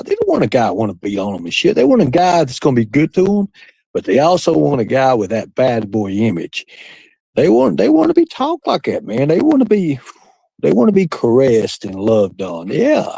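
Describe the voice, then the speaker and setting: A man's voice: medium pitch, vocal fry, mellow, breathy edge, no echo, low-quality recording. A man hosting a livestream, chatting with his audience in a crude, boastful, rambling way and laughing often. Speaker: livestream host. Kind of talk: casual chat with a live audience.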